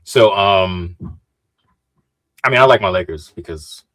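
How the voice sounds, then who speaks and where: Deep-voiced man breaking down basketball. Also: a little slow, a bit bright. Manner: restarts often and corrects himself politely. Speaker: podcast co-host. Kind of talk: casual sports chat.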